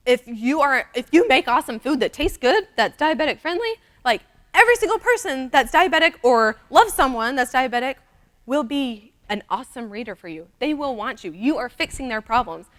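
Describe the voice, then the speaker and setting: A woman's voice: fairly high pitch, a bit bright. A young woman giving a chatty, upbeat conference talk, speaking straight to the audience. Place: conference room.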